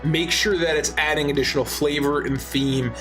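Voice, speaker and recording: A man's voice: fairly high pitch, fairly even intonation, moderate pace, over music. A man talking on a casual talk show, explaining game-master advice with emphasis.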